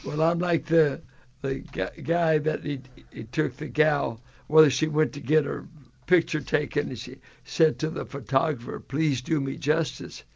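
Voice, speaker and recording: A man's voice: fairly high pitch, steady tone, normal speed, creaky, darkish tone. A male pastor who is a guest on a Christian radio talk show, telling stories and jokes. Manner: storytelling, joking. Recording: lo-fi radio broadcast.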